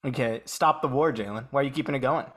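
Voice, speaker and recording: A man cohosting a podcast, teasing his cohost with deadpan jokes in casual chat. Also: mid-range voice, fast talker, a little hiss or hum. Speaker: podcast co-host.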